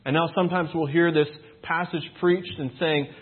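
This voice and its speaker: A man delivers a sermon in a husky, slightly raised voice, leaning into rhetorical questions and pressing his points home with earnest emphasis. The sound is thin and tinny, like it is coming down a phone line. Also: fairly high pitch, fairly even intonation, moderate pace. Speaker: preacher.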